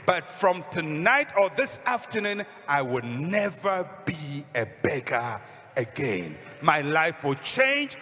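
A desperate blind beggar shouting and pleading in a high, strained voice, as a preacher acts him out. The voice rings loud and bright, and a long hall reverb trails after it. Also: male voice, very animated, takes it slowly, soft background music, heavily acted. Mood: resolute.

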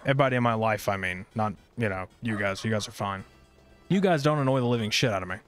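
A man's voice: lowish voice, animated, fast talker, soft background music. A man streaming a video game, grumbling and swearing in a rambling, irritable running commentary. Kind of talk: casual gameplay streaming commentary.

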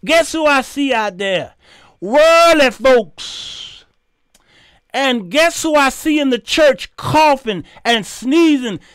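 A man with a strikingly high voice delivers a heated, preachy rant as host of his own show. His tone is smooth and clear, and he hammers his points home by repeating phrases as if scolding a congregation. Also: animated, slow pace, fairly bright tone, no room sound, studio quality.

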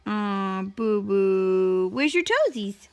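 Young mom doing baby talk, bouncy lively voice, kinda higher pitch, slow and sing-song. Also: female voice. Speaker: vlogger, mother. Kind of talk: casual family vlog, talking to her toddler.

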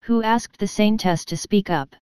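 A woman narrating an audiobook in a steady, even storytelling manner. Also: medium pitch, measured pace, clear, resonant tone, dry recording. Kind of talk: scripted narration.

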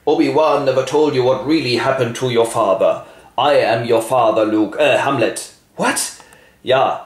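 A man's voice: medium pitch, normal speed, natural voice. A man voicing a commanding ghost of a dead king in an iron mask, in mock-grand villain style, recorded in an echoey room. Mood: solemn.

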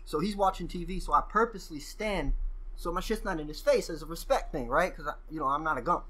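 A man guest telling casual stories, profane and animated, acting out what people said. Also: a little high, fast. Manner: profane, animated storyteller who acts out quoted exchanges. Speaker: podcast guest. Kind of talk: casual storytelling.

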